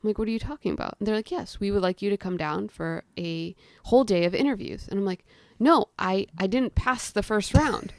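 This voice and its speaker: A woman's voice: medium pitch, fairly quick, darkish tone, no room sound. A young woman tells a story in a chatty, casual way, peppering her talk with "like". She acts out the voices of herself and others as she goes. The sound is dry and close. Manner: chatty, frequent "like" fillers. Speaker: guest storyteller.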